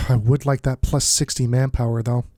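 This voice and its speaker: A man's voice: medium pitch, flat delivery, normal speed, a little mellow, no echo, studio quality. Stuffed-up man musing over a strategy game. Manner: thinks aloud, muttering asides. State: stuffed-up nose. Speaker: let's play host. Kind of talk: casual strategy game commentary.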